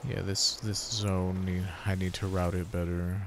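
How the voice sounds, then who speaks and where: A man's voice: low voice, little pitch movement, unhurried, background noise. A man giving casual gameplay commentary, grumbling and swearing freely in frustration. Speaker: gaming streamer.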